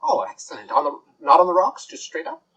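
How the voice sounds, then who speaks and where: A man's voice: sits high, wildly swooping pitch, brisk, a bit bright, husky, voice pushed up, full character voice. A man voicing a tiny, eager male fairy bartender who fawns over the orders. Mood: fawning.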